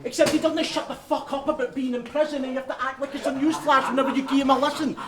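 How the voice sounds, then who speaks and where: High-voiced Scottish battle rapper. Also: male voice, level tone, fast. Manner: crude, taunting, laughing at own lines. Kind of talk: live rap battle performance. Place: large live venue. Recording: echoey hall with loud crowd.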